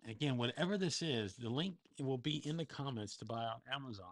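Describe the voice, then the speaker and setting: A man's voice: mid-range voice, expressive, fast, no room sound, clean studio sound. A man co-hosting a casual couples livestream, chatty and talking straight to his viewers. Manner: chatty, addresses viewers as folks.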